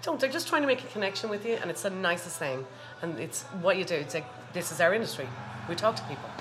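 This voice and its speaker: A woman with an Irish accent chatting as a guest, effusive and quick to laugh. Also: lowish voice, lively intonation, over music. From Ireland. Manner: warm, effusive, laughs often. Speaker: guest, hospitality worker. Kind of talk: casual chat. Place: bar.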